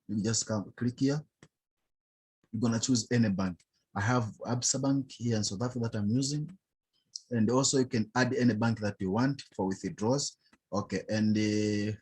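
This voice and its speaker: Brief: non-native English-speaking man, low husky voice, casual halting screen-tutorial narration. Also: darkish tone. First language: not English. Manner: halting, chatty, addresses viewers as guys. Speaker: online money vlogger. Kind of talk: screen-recording tutorial walkthrough.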